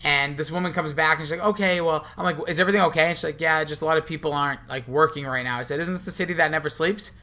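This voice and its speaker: A man's voice: on the high side, rapid-fire, few pauses, sharp tone. A young man co-hosting a podcast, telling a rambling story with lots of restarts in casual chat. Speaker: podcast co-host. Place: hotel in a city.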